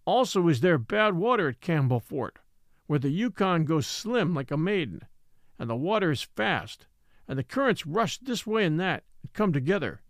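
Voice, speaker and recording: A man voicing a patient old native man who tells his story slowly and solemnly in formal, old-fashioned speech. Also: on the high side, sing-song, dry recording, clean studio sound.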